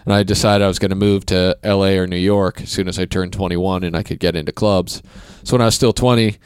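A man in his thirties from Kansas City, hosting a podcast and telling rambling anecdotes with quick impressions. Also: low-pitched, fairly even intonation, clean tone, no room sound. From Kansas City, USA. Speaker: podcast host. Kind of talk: casual chat, storytelling.

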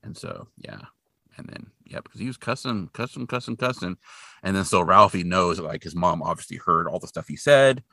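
A man co-hosting a podcast, casually retelling a film's plot and acting out characters in high put-on voices. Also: very animated, fairly quick, gravelly, bright, forceful tone, dry recording. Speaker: podcast co-host. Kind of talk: casual chat retelling a film.

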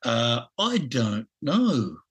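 Halting Australian man in his sixties. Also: medium pitch, sing-song, a bit bright, breathy edge, low-quality recording. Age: 60s. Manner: halting, many restarts and chuckles. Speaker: podcast guest. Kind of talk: casual interview.

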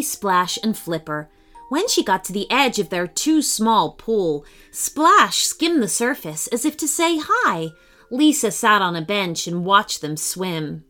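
Expressive woman reading a children's story. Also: fairly high pitch. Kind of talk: scripted story narration for children.

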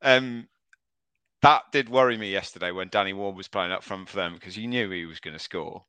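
A man hosting a casual podcast, reading out listener questions, laughing often and moving the chat along briskly. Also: low-pitched, bright, forceful tone, clear, resonant tone, no room sound.

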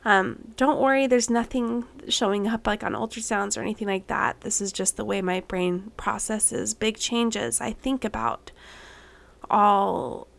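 A woman's voice: medium pitch, fairly even intonation, measured pace, creaky. A pregnant woman in her thirties hosting her own podcast, talking candidly and a little emotionally with many ums and restarts. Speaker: podcast host. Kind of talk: personal podcast monologue.

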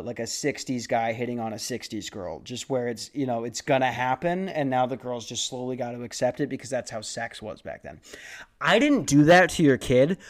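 A young man telling a rambling, profane, self-mocking story about his door-to-door sales job. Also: medium pitch. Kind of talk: casual comedic storytelling monologue.

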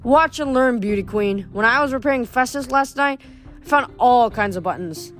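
A woman's voice: a little high, animated, a bit bright, soft background music. A woman voicing a wisecracking, jumpy teenage boy mechanic in a read-aloud storybook. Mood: joking. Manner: joking, fast-talking.

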